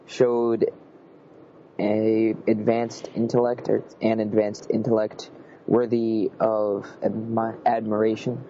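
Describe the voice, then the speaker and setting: A man's voice: fairly low pitch, little pitch movement, slow pace, dark tone. Male co-host, hesitant reader, dull lo-fi radio sound. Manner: hesitant, stumbling over words. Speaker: radio co-host reading listener mail. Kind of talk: casual radio talk and reading letters. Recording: dull lo-fi recording with faint hiss.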